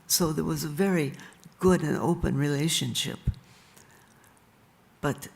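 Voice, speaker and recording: An older woman speaking at a live event, telling stories about her life in an unhurried way and laughing softly now and then. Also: low-pitched, gravelly. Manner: slow and unhurried, with soft laughs. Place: stage in a large venue.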